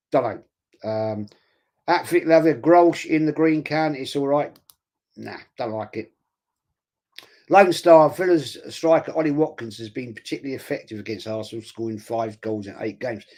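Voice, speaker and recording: Bloke chatting on a live stream, rambly, keeps restarting, calls everyone mate. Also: male voice, mid-range voice. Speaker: fan channel host. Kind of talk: casual live-stream chat reading viewer comments.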